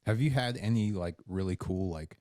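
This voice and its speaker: A man's voice: moderate pace, dry recording, clean studio sound. A young man from Florida, hosting a casual podcast chat, swearing freely and acting out stories. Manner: animated storyteller, swears a lot, acts out quotes in a high voice. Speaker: podcast host.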